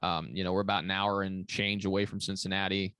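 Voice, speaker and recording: A man's voice: deep voice, level tone, fast, sharp tone, clean tone, no echo, clean studio sound. A man giving long, rambling interview answers as a commercial real estate broker, with many fillers and restarts. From Kentucky.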